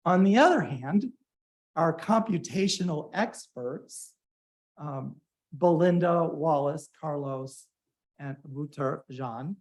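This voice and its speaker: A man's voice: a little high, a little mellow. A man hosting a hybrid science conference, telling a casual story to the audience with fillers and playful quoted voices. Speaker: meeting organizer and moderator. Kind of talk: conference talk to a live audience. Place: hybrid conference meeting room.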